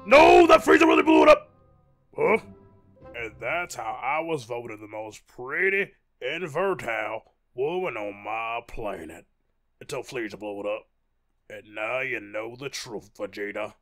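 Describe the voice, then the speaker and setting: A man performing a vain, flirty alien woman with a shrill falsetto. She talks fast and breathless, pleading and scheming. Her pitch swings up and down dramatically. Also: animated, sharp tone, faint music behind.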